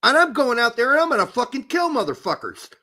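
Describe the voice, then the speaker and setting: A podcast host rants about sports with a high, bright voice that swings widely in pitch. He swears freely and talks in a heated, animated way. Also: quick pace. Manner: animated, profane, ranting. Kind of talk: casual heated sports talk.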